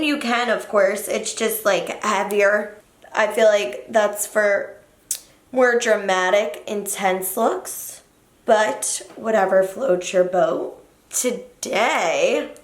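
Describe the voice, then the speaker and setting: Woman, young adult, beauty tutorial, jokey, slow talker, echoey room. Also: fairly high pitch, a bit bright. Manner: chatty, jokey, corrects her own slips. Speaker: beauty vlogger. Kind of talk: makeup tutorial chat. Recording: roomy echo.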